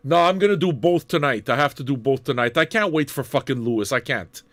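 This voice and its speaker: A man's voice: medium pitch, a little fast, a bit bright, no echo. A man from Canada hosting an online radio show, chatting casually between records in a profane, rambling, jokey way. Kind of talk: casual DJ chat.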